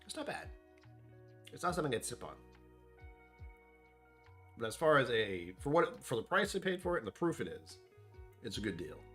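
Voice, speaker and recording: A man's voice: medium pitch, big pitch swings, moderate pace, pauses often, fairly bright tone, faint music behind. A man hosting a casual whiskey tasting vlog, rambling and self-deprecating as he thinks aloud about what he smells and tastes. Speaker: whiskey reviewer.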